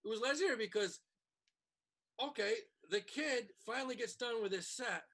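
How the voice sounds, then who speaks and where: A man co-hosting a podcast, telling a comedy club story in a casual, animated way and acting out the people he quotes. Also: very high voice, moderate pace.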